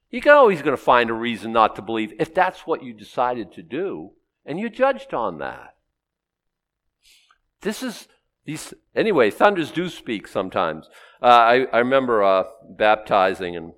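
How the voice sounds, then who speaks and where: A middle-aged man preaching a sermon, teaching through a Bible passage in a conversational way with sudden loud rises. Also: medium pitch, very animated, normal speed, pauses often. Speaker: pastor.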